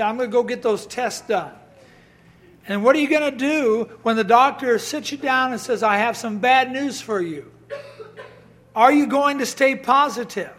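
Preaching a sermon in a strikingly high, fairly bright voice, this man tells stories, voices quotations, and reads scripture out loud. His speech swells into forceful, raised bursts.

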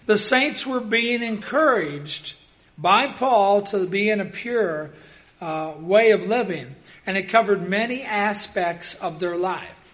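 Man, pastor, lively sermon storytelling, high ringing voice. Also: slow pace. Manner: lively storyteller, bursts into loud acted quotes. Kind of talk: sermon with personal stories.

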